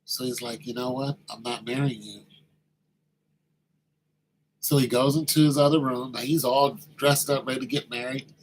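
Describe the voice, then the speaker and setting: A man telling a story in a casual monologue, animated and slangy, acting out the quoted voices. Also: mid-range voice, normal speed, pauses often, a little hiss or hum, poor audio.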